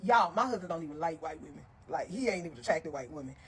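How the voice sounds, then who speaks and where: A woman telling a story to her viewers in a casual, animated and blunt way, heavy on profanity, with frequent asides to her listeners. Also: sits low, rapid-fire, slightly rough.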